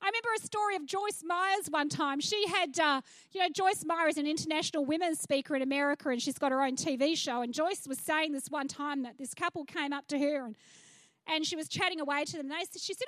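An Australian woman delivers a sermon from a church stage in a very high voice. The sound is dry and close, with no room echo. She preaches in a chatty, frank way, breaking off for asides. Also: fairly quick, a bit bright. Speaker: pastor.

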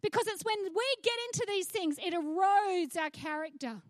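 A woman's voice: extremely high pitch, lively intonation, normal speed, no room sound. An Australian woman pastor preaching on a church stage, chatty, with frank asides to the congregation. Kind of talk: sermon.

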